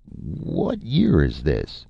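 A man voicing a drunk, confused robot in a storybook reading, speaking thickly and slowly. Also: a bass voice, huge pitch swings, gravelly, husky, no room sound, muffled recording, heavily acted. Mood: muddled. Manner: thick, slow and slurred. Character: tipsy, confused, forgetful male robot.

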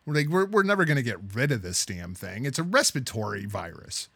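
A man's voice: medium pitch, very animated, fast, bright, forceful tone, dry recording, studio quality. A man hosting a podcast, ranting emphatically in casual chat and swearing in exasperation. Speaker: podcast host.

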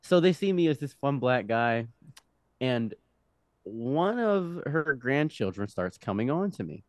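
A young man telling a wild personal story on a podcast. He is animated and laughs often, dropping low and then jumping up loud. The sound is dry and close. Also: unhurried, dry recording. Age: young adult. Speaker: podcast guest. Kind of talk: casual storytelling.

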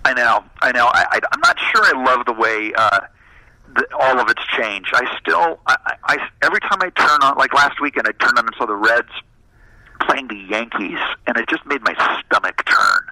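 A man chatting casually, telling stories in an animated, self-deprecating way. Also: mid-range voice, normal speed, no room sound, low-quality recording. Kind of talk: casual chat.

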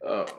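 A man co-hosting a podcast in casual chat, dropping short, wry remarks. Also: a bit bright. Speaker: podcast co-host.

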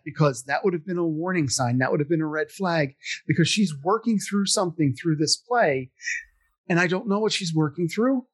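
A middle-aged man spins a long, meandering story in casual conversation. He fills the gaps with ums and likes and pokes fun at himself. His voice sits a little high for a man. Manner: rambling, animated, self-deprecating, with many fillers. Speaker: podcast guest telling stories.

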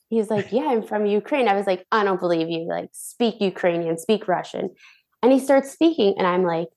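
Bubbly young woman, animated guest storyteller, mid-range voice. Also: medium pitch, fairly quick. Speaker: guest, former cruise ship dancer. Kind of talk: casual storytelling interview.

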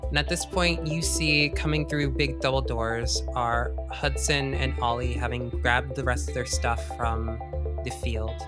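A woman running a tabletop game as game master, narrating in a relaxed, teasing way. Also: very deep voice, unhurried, over loud music.

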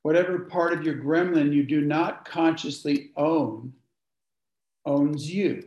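A man's voice: fairly high pitch, slow, dull audio. A man leading a workshop, speaking informally and asking the group questions. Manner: conversational, asks the audience questions. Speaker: workshop leader. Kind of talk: informal teaching talk to a group. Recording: echoey room.

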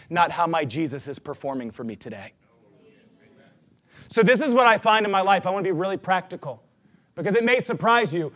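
A male pastor preaching a sermon to a congregation in a lively, personal way, leading them aloud. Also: on the high side. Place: church before a congregation.

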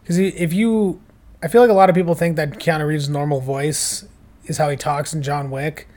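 A young man co-hosting a casual movie podcast, chatty and joking, with quick asides. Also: on the high side, fairly even intonation, a little mellow. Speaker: podcast co-host. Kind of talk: casual movie review chat.

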